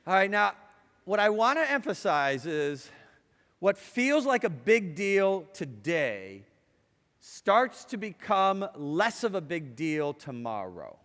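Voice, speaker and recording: A middle-aged man giving a lively talk to students, chatty and playful, asking the audience questions and telling stories. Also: high-pitched, slow. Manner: conversational and playful, asks the audience questions, acts out quotes. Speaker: speaker addressing students. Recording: long hall reverb.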